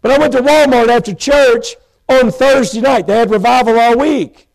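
A preacher gives a heartfelt testimony from a church pulpit. His voice sits unusually high for a man and carries a gravelly rasp. He swings between stretched-out, emphatic phrases and full-throated shouts. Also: low-quality recording. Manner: impassioned, bursts into shouts, slows for emphasis. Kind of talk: sermon testimony. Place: church pulpit, live stream.

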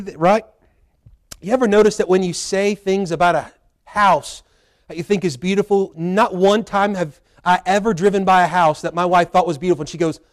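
A man preaching from a church pulpit, his voice sitting notably high for a man. He talks in a folksy way, slipping into quoted asides and moving between teaching and prayer. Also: a little fast. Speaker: pastor. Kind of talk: sermon. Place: church sanctuary.

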